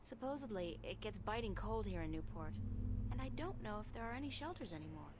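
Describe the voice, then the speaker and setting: Woman doing a sardonic young game heroine, dry deadpan observations, hissy game audio with ambience behind. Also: mid-range voice, brisk, natural voice. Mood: wry. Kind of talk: video game voice acting.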